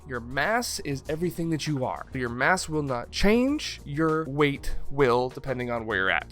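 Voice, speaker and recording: Man, slight southern twang, comedic science host, irreverent, swearing, bright forceful voice. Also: mid-range voice. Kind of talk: casual comedic science explainer.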